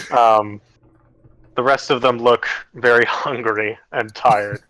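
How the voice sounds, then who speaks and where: A man running a tabletop game as game master, talking slowly with many pauses and fillers. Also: medium pitch, bright, forceful tone, no room sound, poor audio. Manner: slow, halting, with many fillers.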